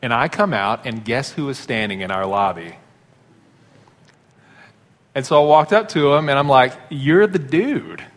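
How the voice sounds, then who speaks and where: A man's voice: mid-range voice, expressive, moderate pace, pauses often, fairly bright tone, slight background noise. Man preaching with long hall reverb. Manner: conversational storytelling. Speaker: pastor. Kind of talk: sermon.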